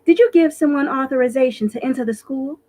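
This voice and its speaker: Young woman caretaker, as a woman reads her, urgent, bright, raised voice. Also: sits high, quick pace, pitched above the performer's own voice.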